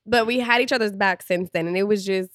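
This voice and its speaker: A woman's voice: mid-range voice, quick pace, no echo, clean studio sound. Candid, chatty young woman podcaster. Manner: candid, chatty, laughs often. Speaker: podcast co-host. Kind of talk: casual chat.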